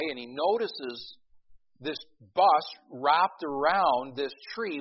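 Folksy preaching man, husky voice. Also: mid-range voice. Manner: folksy storytelling, many restarts, rising to emphatic peaks. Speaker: pastor. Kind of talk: sermon with a humorous opening story. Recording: dull lo-fi recording.

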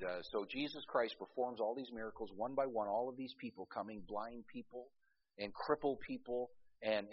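A man's voice: mid-range voice, slightly rough. Emphatic preacher man, dull lo-fi sound. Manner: emphatic, swings from loud urgency to quiet intensity; repeats words and restarts, folksy asides. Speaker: pastor. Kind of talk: sermon.

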